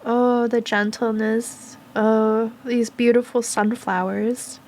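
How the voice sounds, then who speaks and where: Soft-spoken woman reading oracle cards. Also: a little high, level tone, slight background noise. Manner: soft, slow, affirming, with pauses and fillers. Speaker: tarot and oracle card reader. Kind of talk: gentle spiritual card reading.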